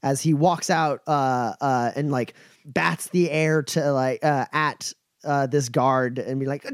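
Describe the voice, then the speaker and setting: A man's voice: medium pitch, steady tone, slow pace, no room sound, clean studio sound. A man narrating as game master in a tabletop game, describing scenes at length with frequent hesitations and restarts.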